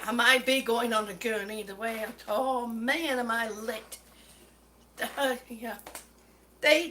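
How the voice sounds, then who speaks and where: Breathless, high-voiced exasperated woman. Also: pushed and bright, a little hiss or hum. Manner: exasperated, chatty, greets viewers by name. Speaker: live streamer. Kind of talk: casual live stream rant.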